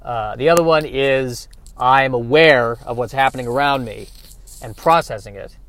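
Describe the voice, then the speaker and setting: A man's voice: medium pitch, moderate pace, a bit bright. A man hosting a solo podcast, rambling in a wry, self-mocking way while he drives. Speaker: podcast host. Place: car, driving.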